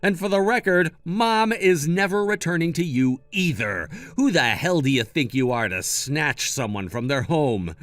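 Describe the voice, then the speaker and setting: A man's voice: on the high side, lively intonation, moderate pace, hardly any pauses, a bit bright, no room sound, faint music behind. Firm, sarcastic male storyteller. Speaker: first-person story narrator. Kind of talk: scripted story narration with dialogue.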